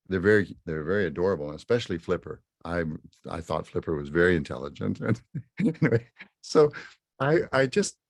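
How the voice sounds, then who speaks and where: A man's voice: sits low, darkish tone, dry recording, studio quality. A man in his seventies from Saskatchewan telling a self-mocking story at a fireside talk, chuckling often. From Saskatchewan, Canada. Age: 70s. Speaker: musician and speaker.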